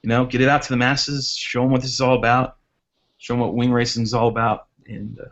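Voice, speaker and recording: A man's voice: mid-range voice, flat delivery, fast talker, fairly bright tone. Male racing guest, chatty storyteller, mid-range voice, dull video-call sound. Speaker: guest drone racer. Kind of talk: casual chat on a live hangout.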